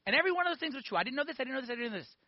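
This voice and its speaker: A man in his forties giving a lively personal testimony in a sermon, peppering it with "okay?" and "like". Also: extremely high pitch, very fast, no echo, lo-fi sound. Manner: animated storytelling with frequent "okay?" and "like".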